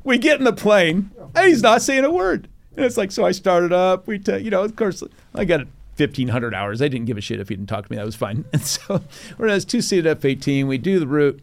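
Animated older man telling stories. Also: high-pitched, a little fast, creaky. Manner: animated storyteller, acts out quotes, laughs often. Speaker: retired Navy captain, guest. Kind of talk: storytelling in a podcast interview.

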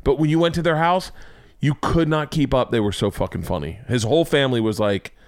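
A man's voice: medium pitch, fairly quick, dry recording, clean studio sound. A middle-aged man hosting a podcast, telling funny stories in casual chat, giggling hard and swearing freely. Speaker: podcast host. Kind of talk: casual comedic storytelling chat.

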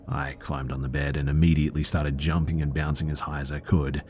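A man calmly narrating true scary stories in a low-key, subdued way. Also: a little fast, faint music behind. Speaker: storyteller.

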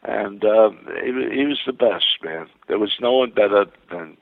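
Here an older man, interviewed as a guest, tells one long anecdote after another in a gravelly, mid-pitched voice, restarting and repeating words as excitement carries him. His pace is normal, and the thin, dry, phone-line sound has no echo.

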